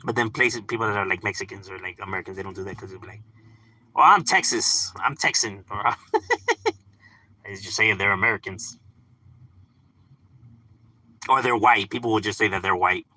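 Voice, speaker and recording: A man's voice: fairly low pitch, steady tone, fast talker, bright, forceful tone, dry recording, rough recording. A man chatting casually on a live stream, swearing freely, laughing often and filling his talk with "like" and "you know.". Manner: loose and profane, laughs often, lots of fillers; chatting back to unseen viewers.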